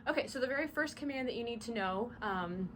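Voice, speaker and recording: A woman's voice: fairly high pitch, animated, quick pace. A young woman from South Georgia with a Southern accent, casually teaching drum major commands with plenty of "um" fillers. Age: young adult. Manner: chatty, with frequent "um" fillers and spoken demonstrations of commands. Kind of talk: casual instructional talk. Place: small dorm room. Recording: small room with clear background noise.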